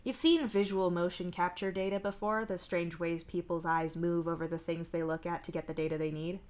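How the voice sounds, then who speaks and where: Woman narrating a story live, lowish voice. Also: brisk. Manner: even, second-person narration. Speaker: streamer reading fan fiction aloud. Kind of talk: live-streamed story reading.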